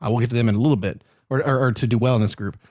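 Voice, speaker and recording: A man's voice: mid-range voice, rapid-fire, no room sound, clean studio sound. A man co-hosting a casual sports and beer podcast, jokey and chatty with many fillers. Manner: animated, jokey, hesitant with fillers. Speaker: podcast co-host. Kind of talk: casual chat. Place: Orlando, Florida.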